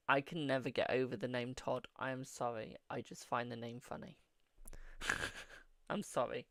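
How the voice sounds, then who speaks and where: A British man reading tarot cards for a live stream, unable to stop giggling as he talks. His delivery is slow and drawn out, and the sound is close and dry with no room behind it. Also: medium pitch, steady tone, a bit bright, no echo. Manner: giggling helplessly, breaking into laughter mid-sentence. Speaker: tarot reader.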